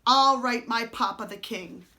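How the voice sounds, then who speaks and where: A woman's voice: on the high side, unhurried, bright, forceful tone. A woman voicing a clever, bold orphan boy from the streets who speaks firmly and commandingly.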